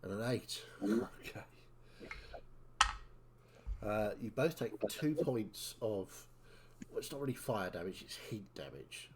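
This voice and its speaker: A man's voice: fairly low pitch, lively intonation, takes it slowly, pauses often, background noise. A man narrating as dungeon master in a tabletop game, describing scenes in a loose, rambling way with lots of fillers.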